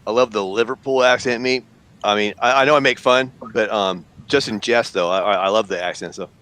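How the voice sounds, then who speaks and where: A man's voice: fairly low pitch, brisk, a bit bright. A man hosting a group chat stream, rambling chattily with lots of fillers. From United States. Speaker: host.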